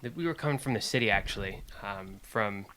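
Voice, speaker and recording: A young man co-hosting a podcast, chatting casually and talking in a halting way. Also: fairly low pitch, a crowd in the background. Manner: hesitant, halting, with restarts. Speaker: podcast co-host. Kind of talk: casual chat.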